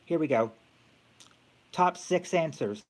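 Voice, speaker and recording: Halting man hosting a stream game. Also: fairly high pitch, animated. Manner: halting, thinks aloud with many fillers and restarts. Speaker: game show host on a live stream.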